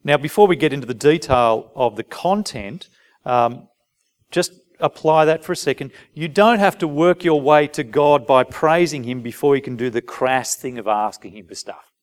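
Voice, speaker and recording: A man's voice: medium pitch, moderate pace. A man preaching a sermon, asking his listeners questions and briefly acting out little dialogues. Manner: animated, asks the audience rhetorical questions, acts out short dialogues.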